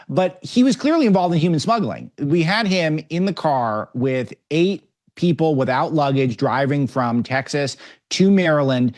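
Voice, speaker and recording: A man's voice: medium pitch, darkish tone. A middle-aged man appearing as a guest, arguing political points in an emphatic way. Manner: emphatic, argumentative. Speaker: guest commentator. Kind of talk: political commentary.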